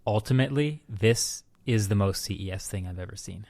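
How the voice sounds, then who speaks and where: A man co-hosting a podcast in casual chat, animated and playful, telling stories with mock exclamations, in a hotel room. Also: fairly low pitch, brisk. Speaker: podcast co-host.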